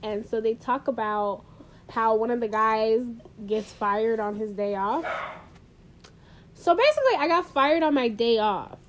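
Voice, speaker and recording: A woman co-hosting a podcast in casual chat, playful and quick with quips. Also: on the high side, animated. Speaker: podcast co-host.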